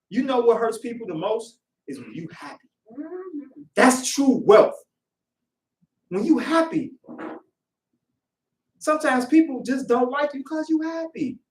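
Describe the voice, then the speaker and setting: A man preaching a sermon in casual, conversational speech, lively as he acts out voices. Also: very high voice, measured pace, long pauses. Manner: animated, acts out quoted voices. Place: worship hall. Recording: echoey room, voice from far off.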